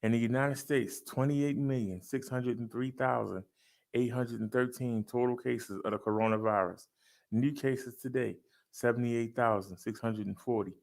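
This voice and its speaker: A man's voice: medium pitch, fairly even intonation, normal speed, creaky. Emphatic man reading daily numbers. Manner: emphatic, punchy, drawls key phrases loudly; talks to viewers, says "y'all". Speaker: fitness vlogger. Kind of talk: casual daily stats rundown.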